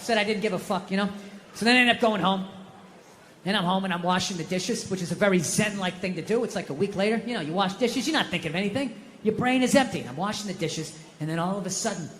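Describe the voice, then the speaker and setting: Comedian guy ranting on stage, high sharp voice, big echoey hall. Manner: ranting, swearing, acts out quotes. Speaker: stand-up comedian. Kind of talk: stand-up routine. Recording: echoey hall with faint noise.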